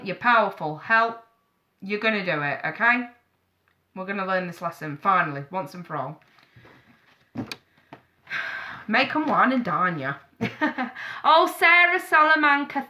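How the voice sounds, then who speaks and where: Woman, tarot reader on a live stream; bright, forceful voice, blunt and affectionate. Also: on the high side. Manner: chatty, calls viewers darling and sweetheart; blunt, frank advice with swearing.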